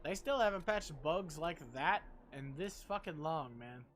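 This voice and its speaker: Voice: medium pitch, expressive, unhurried, a bit bright, a little hiss or hum. A game streamer giving casual, joking commentary with plenty of swearing and self-deprecating asides.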